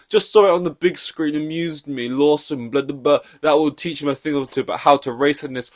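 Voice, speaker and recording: A man's voice: fairly high pitch, brisk, few pauses. A young man hosting a solo podcast, ranting in an exasperated, profane way. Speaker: podcast host.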